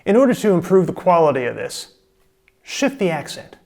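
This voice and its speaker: A man teaching a drum lesson on camera, coaching calmly and step by step. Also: high voice, normal speed, creaky. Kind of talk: instructional video lesson.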